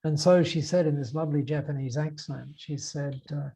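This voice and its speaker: An older man with an Australian accent, a podcast guest telling his story in an animated way, acting out the dialogue and restarting his sentences often. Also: a little high, moderate pace, gravelly, husky, lo-fi sound. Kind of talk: storytelling interview.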